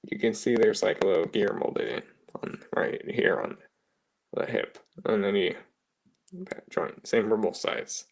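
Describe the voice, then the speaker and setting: Man in a casual toy review, slow and husky, soft mumbled asides. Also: on the low side.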